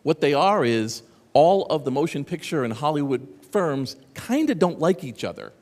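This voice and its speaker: A man speaks at a conference in a big reverberant hall, his pitch bouncing up and down as he talks. He is sarcastic and animated and keeps drifting into asides to the crowd. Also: moderate pace. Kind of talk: lively conference talk. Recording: echoey hall.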